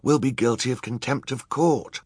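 A man's voice: medium pitch, big pitch swings, moderate pace, a bit bright, dry recording, clean studio sound, voice pushed up. A man doing a worried, earnest teenage boy.

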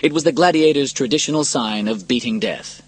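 A man narrating an adventure storybook in a dramatic, lively reading style. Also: medium pitch, a little fast, breathy edge, no echo, soft background music.

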